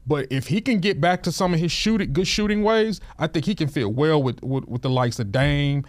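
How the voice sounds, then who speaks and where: A man's voice: on the high side, no room sound. A man talking basketball in casual podcast chat, often repeating words as he gets a thought going. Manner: halting, repeats words when starting a thought. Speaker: podcast co-host.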